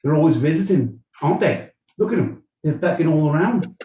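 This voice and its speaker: A boisterous, foul-mouthed Aussie bloke, as a man puts him on with a put-on Australian accent, pitched well above his own low voice. He sounds loud and rowdy, calling everyone mate. The voice rings in an echoey room, picked up from some distance off the mic. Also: animated, brisk, lo-fi sound, very noisy, natural voice.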